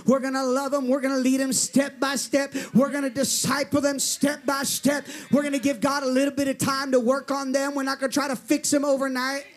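A male preacher, telling a story in a sermon with animated delivery and calls for amens. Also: extremely high pitch.

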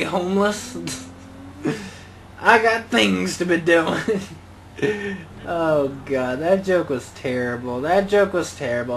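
A gaming channel host, a young man with a slightly high voice, gives casual, rambling commentary on his gameplay, joking, grumbling and muttering exclamations to himself. The audio is poor, with a faint hiss underneath.

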